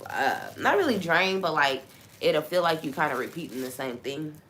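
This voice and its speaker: A woman's voice: low voice, animated, normal speed, fairly bright tone, slight background noise. A woman hosting a faith talk on a live stream, venting frankly and swearing freely.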